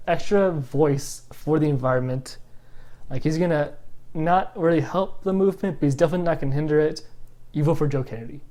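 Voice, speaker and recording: A host of an environmental channel giving an opinionated political vlog. They speak bluntly and with feeling, breaking off into quick asides. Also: medium pitch, dark tone.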